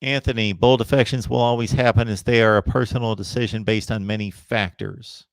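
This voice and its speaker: A man's voice: on the low side, fairly even intonation, brisk, vocal fry, no room sound. A man hosting a live college football chat, reading viewer comments and giving emphatic opinions. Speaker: host of a college football livestream.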